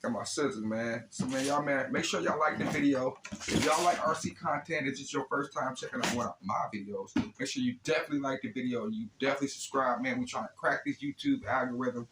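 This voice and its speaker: Man, hobby channel host, laid-back and slangy, mid-pitched voice, echoey indoor room, faint background hiss. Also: quick pace. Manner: laid-back, chatty, slangy, repeats "man" and "you know what I'm saying". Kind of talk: casual unboxing vlog. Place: indoor room he calls his lab.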